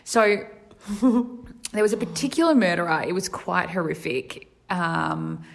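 A woman co-hosting a podcast, reacting quickly and telling jokey, animated anecdotes. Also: lowish voice, creaky. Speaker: podcast co-host. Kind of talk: casual chat.

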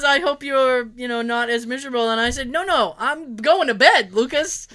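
Speaking at normal speed with hardly any pauses, this high-pitched woman chats casually. Her funny stories come with acted-out quotes, frequent laughter and plenty of swearing.

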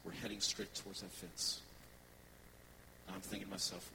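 Low-voiced man preaching a story-driven sermon. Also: unhurried, very noisy. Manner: animated storyteller, conversational with the congregation. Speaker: worship pastor.

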